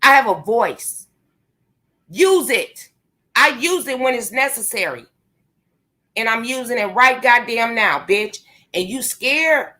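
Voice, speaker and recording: A woman's voice: a little high, expressive, slow, pauses often, sharp tone. A woman vlogger, delivering a profane, confrontational rant to her viewers. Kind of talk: angry rant to camera.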